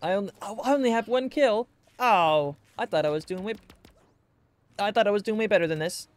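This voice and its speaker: A man giving let's-play commentary, excitable, gasping and talking to himself as he plays. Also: sits high, fairly quick. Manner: excitable, gasps and talks to himself. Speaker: gaming YouTuber.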